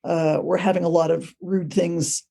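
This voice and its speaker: A woman guest on a podcast, a ghost tour guide, telling stories in a casual, animated way. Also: fairly low pitch, moderate pace, vocal fry, husky. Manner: animated, acts out quoted voices. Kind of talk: casual storytelling.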